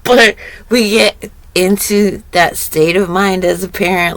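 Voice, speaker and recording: A woman sharing reflective spiritual stories in a vlog, often breaking into laughter and getting animated as she retells funny moments. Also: takes it slowly. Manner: animated retelling, rising pitch when excited. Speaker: vlogger.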